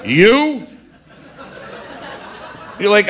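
A man's voice: high-pitched, normal speed, pushed and bright. A middle-aged man doing a stand-up comedy set on a club stage, brash and profane, baiting the crowd into a handheld mic.

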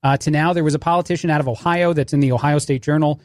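A man's voice: on the high side, fairly even intonation, fast, no echo. A man filling in as a radio talk show host, rambling sarcastically through a casual monologue. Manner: sarcastic, rambling, restarts often.

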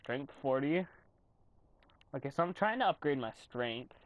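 A young man giving casual commentary while playing a video game, swearing and yelling in frustration. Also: medium pitch, animated, measured pace, no echo. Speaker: gamer commentator.

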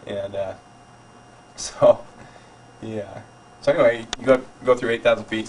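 A man telling the story of his skydive in a casual way, animated and full of fillers and restarts, recorded on an old home camcorder. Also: fairly low pitch, normal speed. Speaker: skydiver recounting his jump. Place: private home. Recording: 1990s home camcorder, mic at a distance, faint noise.

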